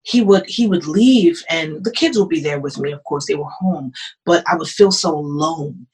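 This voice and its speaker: A woman's voice: sits low, moderate pace, a little mellow, poor audio. Woman, pastor, podcast guest, earnest personal testimony, repeats herself, emotional.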